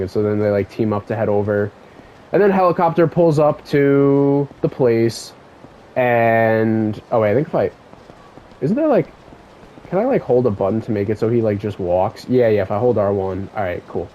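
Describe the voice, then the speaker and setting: Rambling, excitable young gamer guy. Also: lowish voice, normal speed, highs cut off. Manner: rambling, profane, excitable asides. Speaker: let's play gamer. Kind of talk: casual game story recap.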